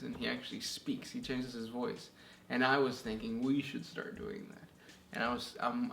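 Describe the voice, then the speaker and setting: A man's voice: mid-range voice, creaky, fairly bright tone. An easygoing man co-hosting a casual chat and reading out listener questions, with plenty of "um"s. He sits in a roomy, echoing space. A light hiss runs underneath. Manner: easygoing, many "um" and "yeah" fillers. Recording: echoey room with faint noise.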